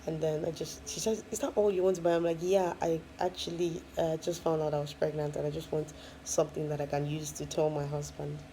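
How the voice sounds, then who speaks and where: A woman's voice: low-pitched, little pitch movement, fairly quick, dark tone, a little hiss or hum, poor audio. A woman, a first-time mom, casually telling her own story with lots of fillers and frequent laughs. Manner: chatty, many fillers, laughs often.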